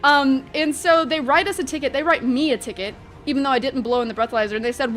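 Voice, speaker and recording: Young woman vlogger, high voice, talks super fast, chatty storytime. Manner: animated, chatty, lots of fillers. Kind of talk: storytime vlog.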